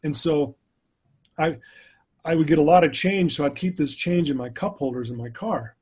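A man's voice: a little high, normal speed, darkish tone, breathy edge. A middle-aged man, a podcast guest, telling a personal story in an earnest, emotional way, often restarting his sentences.

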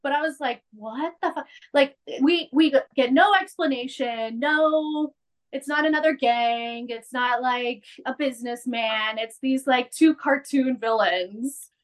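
Higher woman's voice, casual podcast host, animated recap, acts out quotes. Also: unhurried.

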